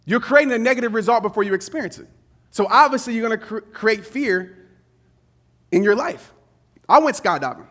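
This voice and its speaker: A motivational speaker with a fairly high voice tells a personal story to a live audience. He talks casually and with animation, using slang and laughing at himself. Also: animated, fairly quick, long pauses, fairly bright tone.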